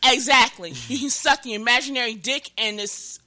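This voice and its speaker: A woman's voice: fairly high pitch, normal speed, bright, forceful tone. A woman co-hosting a casual podcast, crude and playful, laughing often. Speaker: podcast co-host. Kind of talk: casual profane podcast rant.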